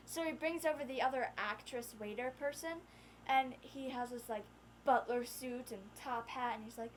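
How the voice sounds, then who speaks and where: Chatty high-pitched teenage girl. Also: slight background noise. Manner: chatty, chimes in with quick asides. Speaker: vlogger. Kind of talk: casual storytelling chat.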